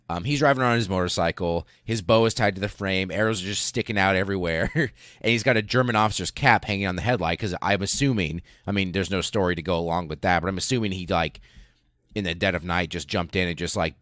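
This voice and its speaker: A man's voice: low-pitched, fairly bright tone, no room sound, studio quality. A man hosting a podcast, telling a history story in a casual, rambling, profane way with fillers and laughs. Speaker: podcast host.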